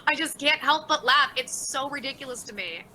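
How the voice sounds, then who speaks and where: A woman's voice: sits high, animated, normal speed, sharp tone, a little hiss or hum, poor audio. A woman hosting a casual livestream, reading out viewer chats and answering them by name in a sarcastic, laughing way. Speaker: livestream host.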